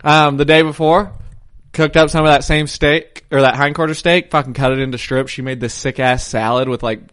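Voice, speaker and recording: A man's voice: on the high side, steady tone, fairly quick, fairly bright tone. A man co-hosting a podcast, telling rambling, profane stories in casual chat. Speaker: podcast co-host.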